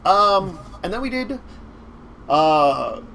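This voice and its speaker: This host sits high in pitch and sounds very animated, with vocal fry and a sharp tone, as he rambles through a game master's recap of games on a casual talk show. He keeps stopping and restarting amid fillers, with a bit of hiss or hum behind him.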